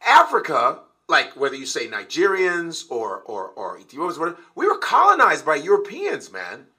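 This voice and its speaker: A man's voice: on the high side, huge pitch swings, normal speed, pushed and bright. A man in a heated, casual conversation, ranting emphatically and swearing often. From United States.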